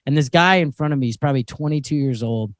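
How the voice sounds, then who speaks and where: A man's voice: mid-range voice, fast, no room sound. A young man co-hosting a podcast in casual chat, telling stories and laughing often. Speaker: podcast co-host.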